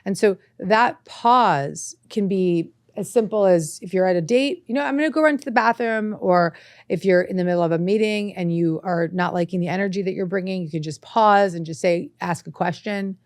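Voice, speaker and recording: Female host, self-help talk, lowish pitch, dry close sound, earnest delivery. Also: moderate pace, a little mellow, no echo. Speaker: podcast host. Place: studio set with lights.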